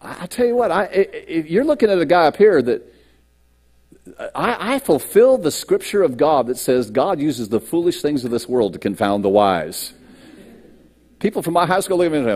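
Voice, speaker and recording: Animated male pastor preaching a sermon. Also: mid-range voice, a little fast. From United States. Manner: animated preaching, acts out quotes and self-doubt; stammering restarts. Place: church sanctuary.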